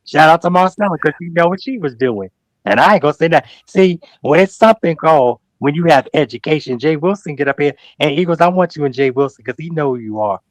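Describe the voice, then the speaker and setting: Fairly quick and emphatic, a man with a somewhat high voice preaches at people directly as a guest in a heated livestream talk show call-out, repeating phrases to hammer his points. His slangy, animated storytelling includes mocking quotes of others, recorded close and dry without room echo.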